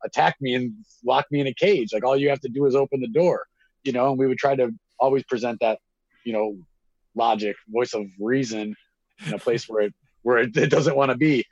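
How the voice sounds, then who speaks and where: A man's voice: medium pitch, a little fast, a little mellow, dry recording, dull audio. A man telling a long story in casual conversation. He rambles and swears freely.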